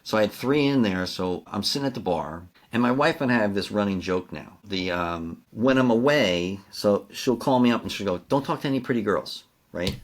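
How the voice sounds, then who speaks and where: A middle-aged American man, a CEO coach guesting on a podcast, telling animated business anecdotes and acting out the dialogue, with many fillers. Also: lowish voice, normal speed, few pauses. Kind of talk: storytelling in a business interview.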